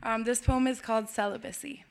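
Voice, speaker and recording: Woman, poet, spoken-word reading, fairly high voice, frank, wry. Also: fairly even intonation, fairly quick. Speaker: poet at an open mic.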